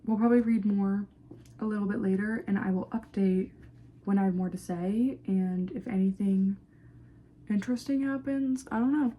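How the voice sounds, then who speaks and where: A woman's voice: medium pitch, fairly even intonation, normal speed, warm tone. A young woman vlogging casually about a book she is reading, blunt and swearing freely, with trailing, hesitant asides. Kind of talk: casual chat to camera.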